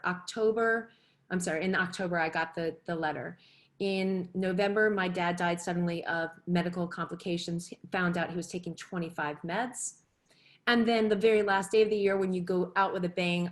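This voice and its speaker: A middle-aged woman speaking as a fitness and diet coach in a webinar. Her delivery is earnest and motivational, with lively bursts of emphasis. She sits at a middle pitch for a woman. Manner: energetic, earnest, motivational, with laughs and rising emphasis.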